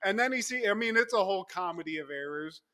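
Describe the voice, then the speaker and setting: A young man casually recapping a TV episode on a podcast, animated and laughing often as he acts out quotes. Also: high voice, fast. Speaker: podcast co-host.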